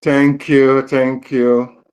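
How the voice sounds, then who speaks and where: A man hosting a live audio room, answering in a measured, preachy way with some restarts. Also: medium pitch, flat delivery, a little mellow, a little hiss or hum. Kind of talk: measured commentary on a live call.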